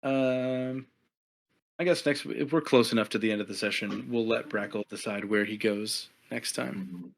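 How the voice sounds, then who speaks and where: A man's voice: lowish voice, normal speed, vocal fry, slight background noise. A man running a tabletop game as game master, easygoing and chuckling, with many fillers. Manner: easygoing, laughs often, filler-heavy.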